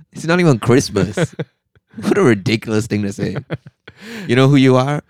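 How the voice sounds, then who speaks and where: A man hosting a podcast, narrating a scripted segment and chatting, in a measured, deliberate way. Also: medium pitch, animated, a little mellow, no echo, clean studio sound. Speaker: podcast host. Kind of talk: scripted narration and casual chat.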